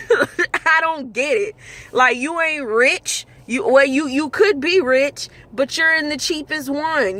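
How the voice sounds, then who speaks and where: A woman's voice: a little high, fairly bright tone. A young woman, a rideshare driver telling blunt, exasperated stories in a casual vlog, swearing freely.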